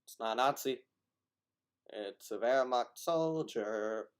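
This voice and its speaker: A man's voice: medium pitch, takes it slowly, clear, resonant tone. A man giving rambling video commentary, arguing a point and often restarting his words.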